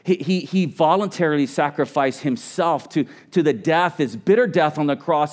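A man's voice: on the high side, moderate pace, few pauses. A middle-aged man preaching a sermon as pastor, earnest and conversational, often restarting his words.

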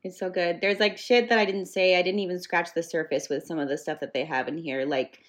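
A woman's voice: fairly low pitch, fairly even intonation, a little fast. Gushing woman podcast co-host. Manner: emphatic, gushing, swears freely. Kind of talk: casual podcast chat.

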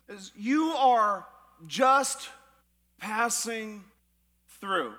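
A man preaching a sermon as pastor, with rising shouts and a few sung lines. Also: very high voice. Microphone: church podcast recording of a live sermon.

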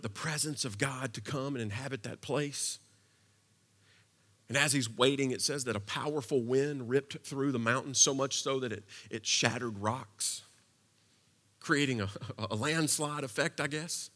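A man preaching a sermon in a conversational way, dropping to a hush and then building to impassioned passages. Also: mid-range voice, moderate pace. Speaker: pastor.

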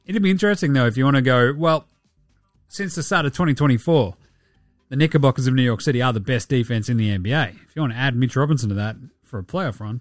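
Sarcastic, swearing Australian man, lively pitch. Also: dry recording, clean studio sound. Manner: profane, sarcastic, mocking impressions. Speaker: podcast host. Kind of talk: casual sports chat.

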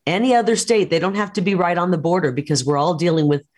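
A woman running for office, talking in a forceful, combative way in an interview. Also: lowish voice, quick pace. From United States. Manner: forceful, combative campaign talk. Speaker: political candidate. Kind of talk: interview over a call.

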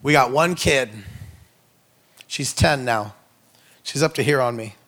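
A man in his thirties, a preacher, telling funny family stories in a sermon, joking and acting out voices with big jumps in pitch. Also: measured pace, a bit bright. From Norway. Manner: playful, jokey, acts out quotes with big pitch jumps. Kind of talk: comedic sermon storytelling.

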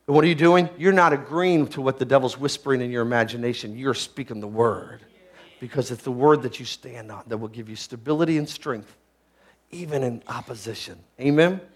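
A male pastor preaching a sermon, rising to shouted peaks and dropping to low, hushed teaching, with many rhetorical questions to the listeners. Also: brisk, slightly rough.

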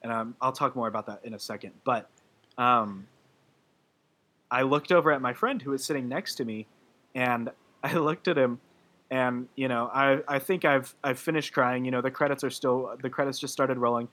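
A man's voice: mid-range voice, normal speed, a bit bright. A man in casual podcast chat, gushing and emotional, rambling with many fillers and restarts. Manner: gushing about a film, laughing through his words.

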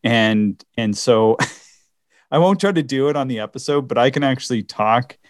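A man's voice: medium pitch, normal speed, no room sound. Man from the canadian maritimes, podcast co-host, casual chat, restarts his sentences, dry close mic. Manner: hesitant, many restarts and laughs.

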